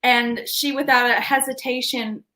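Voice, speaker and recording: A young adult woman hosting a podcast live stream, telling stories in a chatty, animated way. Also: sits high, moderate pace. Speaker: podcast host. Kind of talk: casual live-stream chat.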